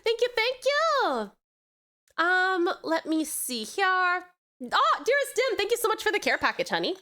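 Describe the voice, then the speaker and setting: A woman's voice: very high-pitched, sing-song, moderate pace, pushed and bright. A woman from the United States with a blended American and Australian accent, chatting as a streamer while drawing. She reads viewer messages aloud and thanks people with pet names. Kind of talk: casual live-stream chat while drawing.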